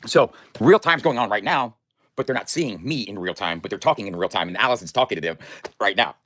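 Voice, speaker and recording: A man's voice: on the low side, animated, fairly quick, fairly bright tone, no echo. A man casually chatting on his live stream from home, joking loosely with plenty of profanity. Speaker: livestreamer. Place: indoors at home.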